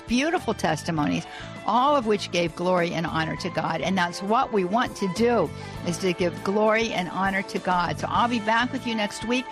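A woman hosting a Catholic radio call-in show, gushing with praise and full of fillers and restarts. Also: mid-range voice. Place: radio studio.

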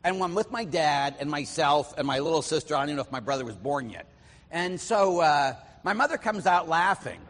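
A man's voice: a little high, animated, brisk, a bit bright, big-room sound. A middle-aged man from Pittsburgh, a priest, giving a conversational sermon full of personal stories, with filler words and acted-out voices. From Pittsburgh, USA. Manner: storytelling, acts out voices, chatty with fillers.

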